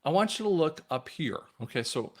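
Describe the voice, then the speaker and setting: A man hosting his own channel, giving a rambling religious and political commentary monologue in an emphatic voice that jumps from loud bursts to near mutters. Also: on the high side, very animated, a little fast. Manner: addresses viewers directly as guys.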